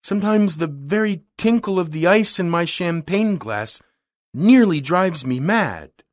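A man's voice: high voice, lively intonation, measured pace, no room sound, pitched above the performer's own voice. A man voicing a wealthy, bored young woman who speaks in a cool, refined, weary way.

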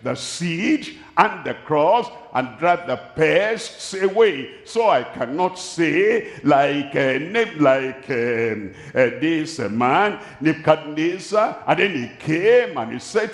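A man with a Nigerian accent preaching a sermon at a large crusade, speaking slowly and deliberately, repeating his key phrases. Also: on the high side, lively intonation. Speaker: pastor. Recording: echoey hall, voice from a distance.

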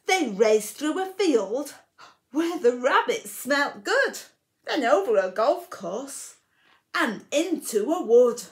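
Slow, lively woman reading a picture book. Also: sits high. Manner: very expressive, with whispered asides. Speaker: library storytime reader.

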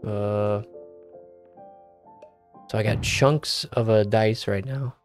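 A gaming video creator does a playful let's play commentary, joking and talking to himself as he plays. His voice is fairly low with fairly even intonation, and he takes it slowly. Faint game music plays behind him.

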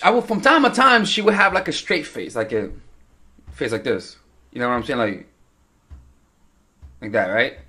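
A man's voice: sits high, fairly bright tone. A young man, a dating coach, telling a casual story to women viewers and acting out quotes with swearing. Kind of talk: casual vlog advice.

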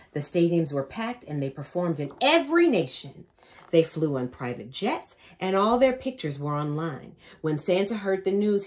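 A woman vlogger reading a picture book aloud with chatty, joking asides. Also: lowish voice. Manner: animated, chatty asides, laughs at own jokes.

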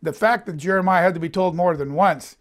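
A man's voice: sits high, brisk. A man teaching a sermon, reading scripture aloud and commenting on it, voicing the quoted lines with emphasis. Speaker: Bible teacher. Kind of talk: conversational sermon. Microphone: presenting in front of a board.

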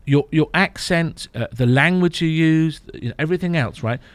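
A man coaching and explaining on a podcast, emphatic, often checking in with a quick "right?". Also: a little high, no echo. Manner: emphatic, explaining, frequent "right?" tag questions. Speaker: therapy programme coach. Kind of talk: podcast guest conversation.

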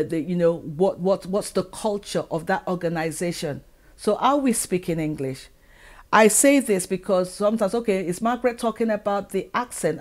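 A middle-aged African woman speaks in a lowish voice with a darkish tone. She hosts her own advice vlog as a channel host and educator, addressing the camera earnestly and asking plenty of rhetorical questions.

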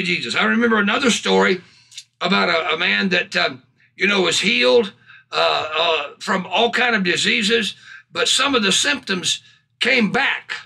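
A man preaching a sermon in a high, bright voice with a gravelly, husky edge. He is fervent and exclaims praise between his points. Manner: fervent, punctuated with hallelujahs and bursts of laughter.

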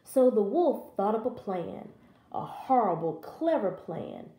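A woman reading a children's story aloud in a slow, expressive way. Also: medium pitch, reverberant.

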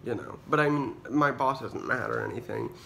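Creaky-voiced young man ranting from a hospital bed. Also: medium pitch, sing-song, fairly quick, bright, forceful tone, a little hiss or hum. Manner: dramatic, complaining, sweary, filler-heavy. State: unwell patient awaiting kidney surgery. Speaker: vlogger. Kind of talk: casual ranting vlog. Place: hospital room.

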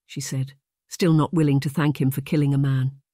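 An audiobook narrator reading a historical romance in an even, measured way. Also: medium pitch, dry recording, studio quality.

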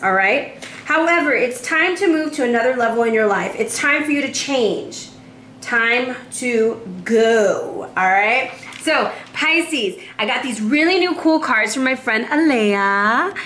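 A woman giving a casual tarot reading to the viewer, chatty and lively, slightly out of breath. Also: high-pitched. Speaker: tarot reader. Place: warm indoor room. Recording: roomy echo, faint background noise.

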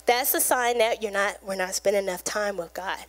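A woman's voice: mid-range voice, a little fast, a bit bright. A woman pastor giving a conversational, earnest sermon in a church, acting out little prayers and everyday chats. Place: church sanctuary.

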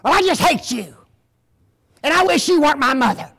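A man voicing an angry young girl who talks back to her mother, loud and defiant. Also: extremely high pitch, animated, moderate pace, vocal fry, voice pushed up, full character voice. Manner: defiant, shouting.

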